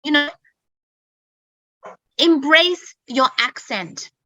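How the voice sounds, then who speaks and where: She speaks extremely slowly in a high, sharp voice with lively intonation, hosting a casual online English lesson where she stresses her points, repeats herself, and keeps asking "okay?". The Australian-raised teacher is captured on a rough recording.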